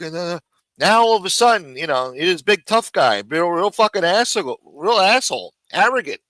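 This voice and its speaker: A man's voice: sits high, sing-song, normal speed, bright, forceful tone, no echo, poor audio. A man hosting a live stream, ranting angrily and mockingly with a lot of profanity, talking around a throat lozenge. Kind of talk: heated live stream rant.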